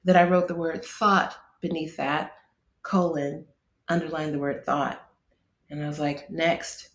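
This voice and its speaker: A middle-aged woman hosting a casual instructional talk as a meditation teacher, candid and conversational, dropping to a hush on soft asides. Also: deep voice, fairly even intonation, unhurried. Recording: echoey room.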